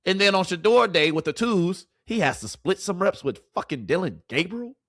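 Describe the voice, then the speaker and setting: A man's voice: high-pitched, animated, normal speed, a bit bright, dry recording, clean studio sound. A man ranting to his live chat as a sports commentator, repeating rhetorical questions in exasperation.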